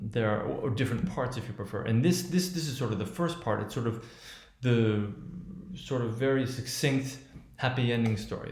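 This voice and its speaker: A man lecturing on how a speech is built and spoken. He talks haltingly, with many restarts and fillers, and often checks in with "right?". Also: on the low side, darkish tone, reverberant. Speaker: teacher.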